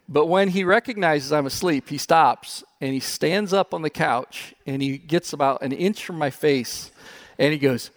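An older man preaching a sermon, telling stories with animated warmth and frequent chuckles. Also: on the high side, moderate pace. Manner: animated storytelling, chuckles often. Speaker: pastor.

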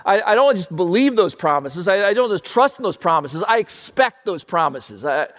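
A man preaching with earnest feeling, often repeating himself and sinking to a hushed tone. His voice sits high for a man. A long hall reverb trails after his words. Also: big pitch swings, moderate pace. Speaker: pastor. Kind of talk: sermon.

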